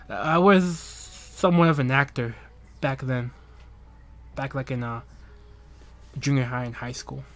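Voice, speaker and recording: A man's voice: medium pitch, fairly bright tone. A young man hosting a livestream, chatting casually and rambling with lots of laughs and jokes. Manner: rambling, joking, laughs often, drawn-out bits. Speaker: livestream host.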